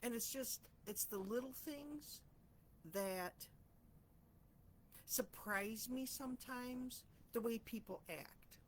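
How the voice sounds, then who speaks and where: A woman's voice: fairly high pitch, takes it slowly, slight background noise. A woman hosting a personal reflection talk, speaking in a heartfelt, rambling, self-searching way. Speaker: host of a reflection channel.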